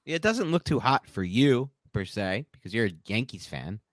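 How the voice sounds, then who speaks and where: Man, sports podcast co-host, animated opinionated chat, very lively pitch, dry close-miked sound. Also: no echo. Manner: animated, chatty and opinionated, quick asides. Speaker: podcast co-host breaking down football film.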